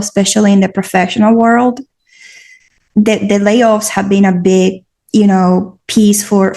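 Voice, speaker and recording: A woman's voice: medium pitch, gravelly, a little mellow. A woman host with an accent, chatting and then reading a post aloud earnestly. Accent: non-native English accent. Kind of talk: casual chat and reading aloud.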